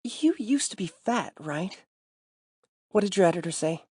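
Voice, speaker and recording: A male narrator voicing a guarded young woman in an audiobook, her voice lifted well above his own and kept soft and mellow. She comes across quick and defensive, with a clipped bite, and the sound is dry. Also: high-pitched, lively intonation, breathy edge, no room sound, voice pushed up, full character voice. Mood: wry. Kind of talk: audiobook character voice.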